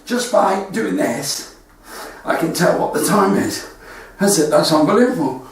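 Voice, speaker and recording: A man's voice: high voice, expressive, unhurried. A man with a West Country accent doing chatty stand-up storytelling from his front room. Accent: West Country English. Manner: chatty storytelling with quoted dialogue. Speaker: stand-up comedian. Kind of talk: stand-up comedy livestream. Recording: very echoey room, distant mic, faint noise.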